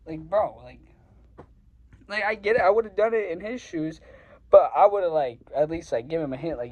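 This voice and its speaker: Young male vlogger, slightly high voice, rambling and profane storytelling, heats up as he goes. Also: animated, normal speed, darkish tone, low-quality recording. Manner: rambling, filler-heavy, profane, gets heated. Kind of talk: casual storytelling.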